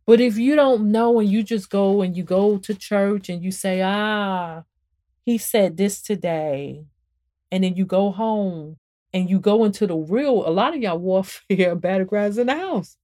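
A woman hosting a spiritual podcast and talking about her book, preaching to listeners in an animated, emphatic way and repeating phrases for emphasis. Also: moderate pace. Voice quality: emphatic and animated, swings up and down in pitch. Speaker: podcast host and author.

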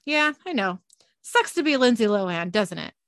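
A woman's voice: mid-range voice, big pitch swings, normal speed, a bit bright, dry recording. A woman reading the lines of a scheming, mocking female pagan goddess, lightly voiced. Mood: sneering. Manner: light read-aloud of quoted lines.

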